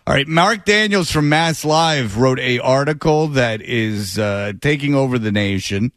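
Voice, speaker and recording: A man's voice: mid-range voice, unhurried, fairly bright tone, no room sound. Brief: middle-aged man, radio co-host, casual banter, prone to cackling laughter, dry close mic.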